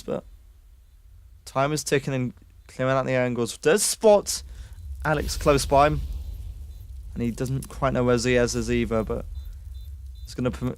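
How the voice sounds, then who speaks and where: A man's voice: medium pitch, dry recording. A man from the UK casting an online esports match with play-by-play commentary, rising sharply on kills and chatting with stream viewers between rounds. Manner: excitable, jumps up on kills, chats with stream viewers. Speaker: esports caster.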